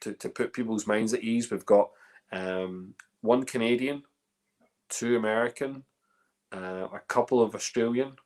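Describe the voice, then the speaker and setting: A man's voice: on the low side, a little slow, darkish tone. Rambling Northern Irish man hosting a tasting. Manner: chatty, rambling, lots of fillers and restarts. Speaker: host of a whiskey tasting. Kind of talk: casual live-stream chat.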